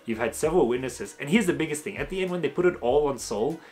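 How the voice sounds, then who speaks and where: A man's voice: on the high side, lively intonation, quick pace, a little mellow. A man giving a casual, ranting spoken review, exasperated and mocking, slipping into sarcastic quoted asides. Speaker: video reviewer.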